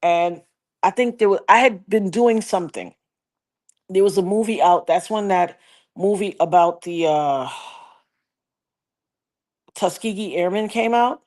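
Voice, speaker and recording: A woman livestreaming, casually telling a personal story and reading viewer comments in an animated, folksy way. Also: mid-range voice, unhurried, pauses often. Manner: animated, folksy, slips into quoted voices.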